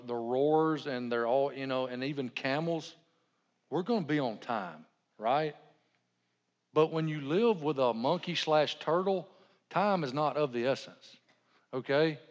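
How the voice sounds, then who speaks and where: A middle-aged man preaching a sermon in a church, folksy and conversational with playful asides. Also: medium pitch. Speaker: pastor. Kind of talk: sermon with humorous anecdotes. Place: church sanctuary. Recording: long hall reverb, dull lo-fi sound.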